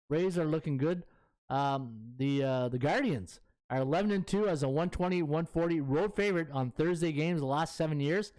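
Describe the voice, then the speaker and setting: A man's voice: fairly high pitch, darkish tone. Chatty man reading betting stats. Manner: casual, thinks aloud while scrolling through stats. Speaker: sports betting handicapper. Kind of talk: live-stream sports betting chat.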